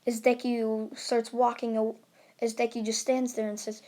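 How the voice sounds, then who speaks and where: A woman's voice: a little high, little pitch movement, moderate pace, warm tone. A woman improvising a fan story, rambling with fillers and restarts as she narrates.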